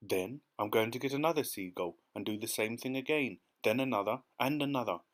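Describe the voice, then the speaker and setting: A man voicing an earnest young boy who calmly and steadily explains his plan in an audiobook. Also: medium pitch, brisk, close to an everyday voice. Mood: determined. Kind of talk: audiobook character reading.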